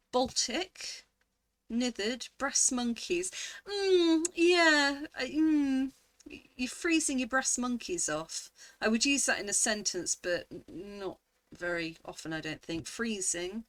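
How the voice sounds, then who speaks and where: Slow, bright-voiced woman musing aloud. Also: a little high, dry recording. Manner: reads quiz options aloud, muses over each word. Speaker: vlogger. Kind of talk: casual thinking aloud.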